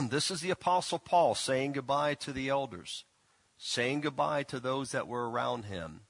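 A man's voice: mid-range voice, vocal fry, fairly bright tone, dry recording. A man preaching a casual sermon, folksy and teasing, often restarting and stumbling over his words. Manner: folksy, teasing, halting with many restarts and fillers. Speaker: pastor. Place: church.

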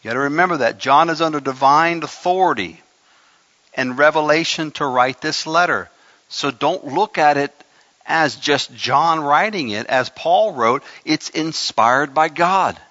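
A man's voice: on the high side, a little slow, bright, forceful tone, no room sound, lo-fi sound. A man preaching a sermon as pastor, emphatic, with joking asides to his congregation.

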